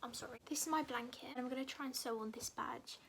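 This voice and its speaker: A woman's voice: high-pitched, fairly even intonation, fast talker, vocal fry, a bit bright, a little hiss or hum. A young woman chatting casually at home in a rambling vlog, full of "like" and often dropping to a near whisper, filmed on a handheld phone camera. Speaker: vlogger. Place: at home, bedroom.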